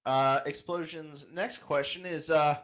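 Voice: medium pitch, steady tone, unhurried, a bit bright. A podcast host casually reading out listener questions in an upbeat way.

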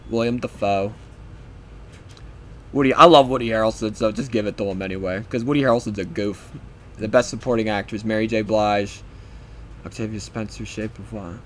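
A man's voice: on the low side, slight background noise. Rambling, foul-mouthed young male podcaster. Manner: rambling, profane, offhand. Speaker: podcast host.

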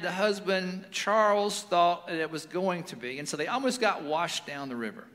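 A man in his forties, a pastor giving a sermon in a relaxed, storytelling way with casual fillers. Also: sits high. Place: church sanctuary. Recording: long reverb of a large hall.

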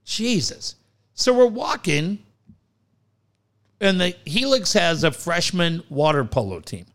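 A middle-aged man co-hosting a talk show, telling stories in a casual, animated way and swinging into big voices for quotes. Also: high-pitched, takes it slowly. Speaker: radio show co-host. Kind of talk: casual storytelling banter.

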